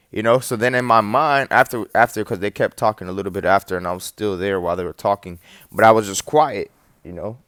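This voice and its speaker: Man, low voice, casual religious testimony, slangy, rambling, dry sound. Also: a bit bright, no room sound. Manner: rambling, slangy, full of fillers and mild swearing.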